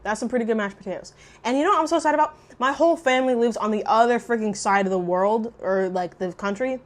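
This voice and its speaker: Loud, profane young woman vlogging. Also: fairly high pitch, fast talker. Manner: loud, profane, swings into shrieks and mutters. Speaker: mukbang vlogger. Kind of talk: casual eating vlog chat.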